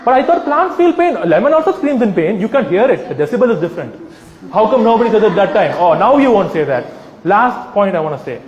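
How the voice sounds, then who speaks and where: A man giving a humorous, persuasive talk to a live audience, animated and teasing, asking rhetorical questions. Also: high-pitched, quick pace, muffled recording. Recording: echoey hall with long reverb.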